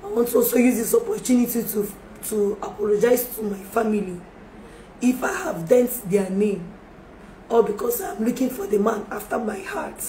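A woman's voice: medium pitch, lively intonation, normal speed, dark tone. Pleading woman in an echoey room. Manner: pleading, repeats apologies and requests for forgiveness. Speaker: livestreamer making a public apology. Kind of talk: emotional live-stream appeal. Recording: echoey room with faint background noise.

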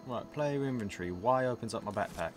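A young man playing a video game and chatting casually, excitable and swearing freely, often breaking into laughter. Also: medium pitch, quick pace, music in the background. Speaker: let's play player. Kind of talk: casual gameplay commentary.

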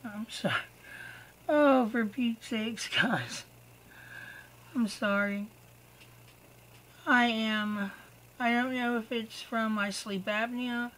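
An exhausted woman speaks to her viewers in an unhurried, halting way. Her voice sits a little high, and her sentences often trail off before they finish. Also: fairly bright tone, poor audio. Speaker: vlogger. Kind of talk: personal video update to viewers.

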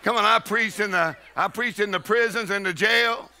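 A man preaching a charismatic sermon in church, folksy and full of shouted praise and laughter. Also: sits high, normal speed. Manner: folksy, with y'all and ain't. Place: church sanctuary with congregation.

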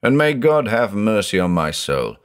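Tormented old judge growling low, man reading him, brooding and anguished. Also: sing-song, moderate pace, smooth. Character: tormented older male judge, haunted by murder.

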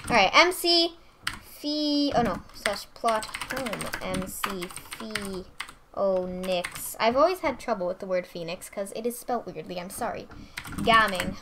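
A young woman hosting let's play commentary, gushing and excitable with frequent squeals and giggles. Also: mid-range voice, a little slow, background noise. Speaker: gaming channel host.

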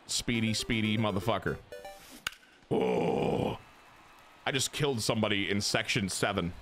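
Excitable, foul-mouthed streamer guy. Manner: crude, excitable, jumps to high squeals. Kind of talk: casual gameplay commentary.

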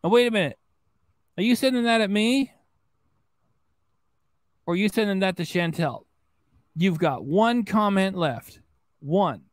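A man's voice: high voice, no room sound. A man hosting a livestream reaction show, reading viewer chats in a mocking, rambling way. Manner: mocking, rambling, repeats himself. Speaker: host.

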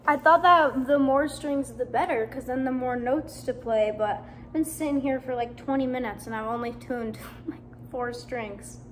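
A young woman from the United States chatting casually in a vlog, excitable and self-mocking, laughing often. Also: high voice, normal speed. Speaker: vlogger.

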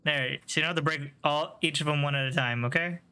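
Bright-voiced laughing male streamer. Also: a little high, fast talker, clear, resonant tone. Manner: jokey, laughs often, swears, teases chat. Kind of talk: casual live gameplay commentary.

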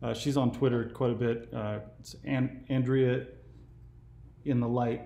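A man's voice: medium pitch, little pitch movement, unhurried, vocal fry, echoey room, lo-fi sound. A man in his forties from California, hosting a casual phone conversation for his channel in an easygoing, meandering way. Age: 40s. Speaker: YouTube host.

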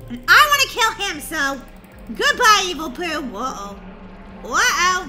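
A woman hosting a game let's-play with bubbly, excitable, jokey commentary. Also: very high-pitched, moderate pace. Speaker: gaming channel host. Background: game music.

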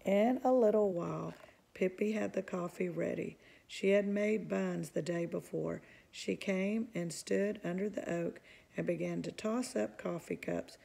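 A woman narrates a children's storybook aloud in a calm, even manner. Her voice is strongly gravelly and husky, with a dark, mellow tone. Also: on the low side, unhurried. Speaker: storybook reader. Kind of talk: reading a children's book aloud.

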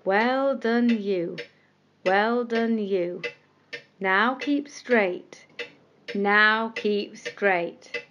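A woman doing a slow chanting old clock. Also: medium pitch, highs cut off, background noise. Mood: approving. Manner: slow, sing-song chanting.

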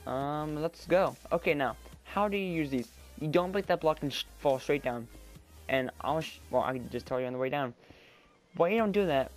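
Rambling excitable young-sounding gamer man. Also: mid-range voice. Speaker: gameplay commentator. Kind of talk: let's-play commentary. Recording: quiet background music. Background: faint background music.

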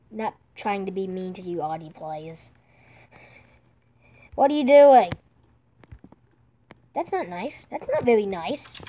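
A woman giving excitable let's-play commentary while gaming online with friends, yelping, pleading with the game and repeating herself. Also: on the high side. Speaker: gamer playing online with friends.

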